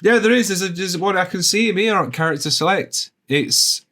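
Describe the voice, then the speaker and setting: A man co-hosting a podcast in casual chat, jokey and enthusiastic, often repeating himself as he pitches ideas. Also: brisk, pushed and bright, a little hiss or hum. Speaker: podcast co-host.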